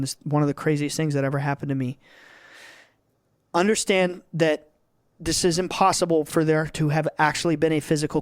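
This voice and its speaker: A man's voice: on the high side, clean tone, no echo, studio quality. A man in his twenties, a podcast guest, telling stories earnestly and with energy in casual chat. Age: 20s. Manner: earnest, animated storytelling with restarts.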